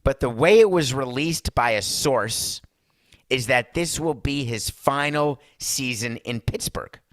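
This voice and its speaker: A man's voice: mid-range voice, measured pace, dry recording, studio quality. A man hosting his podcast, giving sarcastic, rambling opinions with asides to his producer. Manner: mock Italian accent in one brief bit. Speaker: podcast host. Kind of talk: opinionated sports and culture talk.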